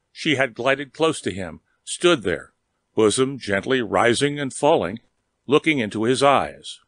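Man reading a story aloud, steady and measured, mid pitch, dry close sound. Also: no room sound. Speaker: narrator. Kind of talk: audiobook reading.

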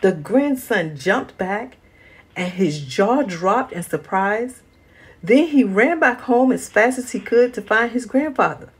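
A woman reading a children's picture book aloud as a storyteller, slow and expressive. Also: medium pitch, slightly rough.

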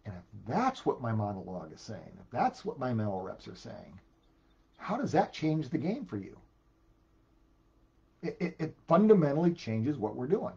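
A man preaching a sermon as a pastor, animated, repeating words when he gets emphatic. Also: mid-range voice, normal speed, vocal fry, slightly rough, highs cut off.

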